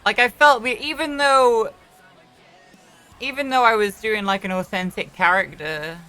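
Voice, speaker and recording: Chatty woman with a bright voice. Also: on the high side, measured pace, faint music behind. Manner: rambling, frequent restarts and self-corrections, swears casually. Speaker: streamer and roleplayer. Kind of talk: casual chat.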